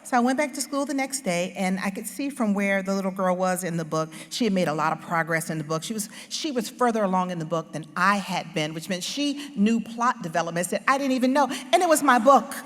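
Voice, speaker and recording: Animated woman telling a story on stage. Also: medium pitch, a little fast, hardly any pauses. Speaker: author giving a festival speech. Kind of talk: personal storytelling speech. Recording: long hall reverb.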